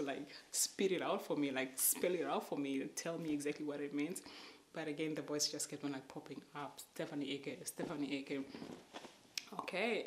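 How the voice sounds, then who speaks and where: A woman vlogger telling an emotional personal faith testimony, halting and sometimes dropping to a whisper. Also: low-pitched, echoey room, slight background noise.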